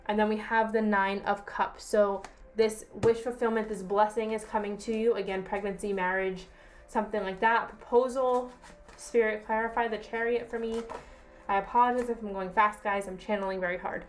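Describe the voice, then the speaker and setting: A young woman talks through a tarot reading for her viewers. Her voice sits at an ordinary pitch, and she speaks in a relaxed, chatty way. She keeps reassuring the listener and checks in with a friendly "okay?". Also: moderate pace. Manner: chatty, reassuring, repeats herself, asks "okay?". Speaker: tarot reader. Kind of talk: casual tarot reading to camera.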